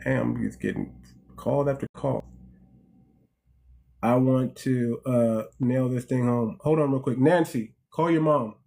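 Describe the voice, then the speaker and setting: A man's voice: medium pitch, measured pace, vocal fry, pauses often, a little mellow. A middle-aged American man hosting a casual livestream, talking animatedly to his audience, repeating himself and calling them family. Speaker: host.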